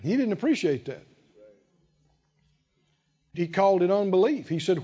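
A man's voice: high-pitched, very animated, a little slow, warm tone, slightly rough, long reverb tail, lo-fi sound. A man preaching a sermon, emphatic and calling out to the congregation. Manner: emphatic, call-and-response preaching.

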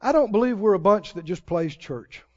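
Preacher, male, very high voice, slow deliberate delivery, dull lo-fi sound. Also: expressive, big-room sound. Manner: preaching with dramatic swings between loud and hushed. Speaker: pastor. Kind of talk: sermon. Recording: dull lo-fi sermon recording.

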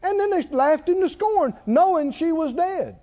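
A man preaching a sermon in a folksy, emphatic way that builds to shouting, recorded with dull lo-fi sound. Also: extremely high pitch, lively intonation, normal speed.

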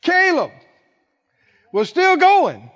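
A man preaching a sermon, acting out the people in the story and swinging from quiet talk to shouting. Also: very high voice, huge pitch swings, drawn-out words. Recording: dull lo-fi sound with long hall reverb.

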